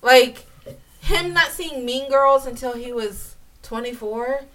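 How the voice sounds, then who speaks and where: A woman co-hosting a podcast, defending herself in lively, laughing banter. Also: high voice, slow, far from the mic. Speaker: podcast co-host. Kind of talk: casual banter.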